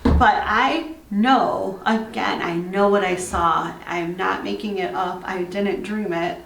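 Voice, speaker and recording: A young woman telling her own haunted hotel experience in a casual, animated way, acting out what she and her husband said and laughing now and then. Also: mid-range voice, takes it slowly, creaky, roomy sound, far from the mic, a little hiss or hum. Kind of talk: casual storytelling.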